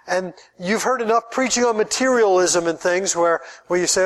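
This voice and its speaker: A man's voice: sits high, moderate pace. A man, a pastor, preaching a sermon in an earnest way, often repeating words as he builds his point.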